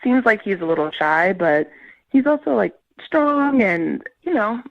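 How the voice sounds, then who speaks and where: A woman's voice: medium pitch, big pitch swings, a little slow, gravelly, no echo. A woman on a radio call-in, speaking frankly and upbeat over the phone. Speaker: caller. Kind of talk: phone-in chat. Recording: dull phone line.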